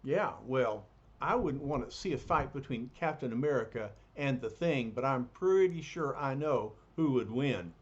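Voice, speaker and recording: A man reading a comic book aloud to a child, getting expressive with the heroes' lines. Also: normal speed, husky. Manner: expressive read-aloud, raises pitch for quoted heroes. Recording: dull lo-fi recording.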